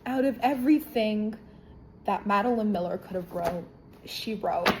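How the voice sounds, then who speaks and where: A woman casually reviewing a book, retelling the plot in an irreverent, profane, animated way. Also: mid-range voice, a little slow, a little hiss or hum, low-quality recording.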